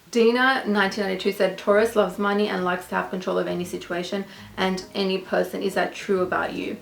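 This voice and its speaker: Gushing young Australian woman vlogger, slightly gravelly. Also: medium pitch. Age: young adult. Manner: gushing, chatty, affectionate toward viewers. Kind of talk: casual Q&A vlog. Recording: echoey room with faint music.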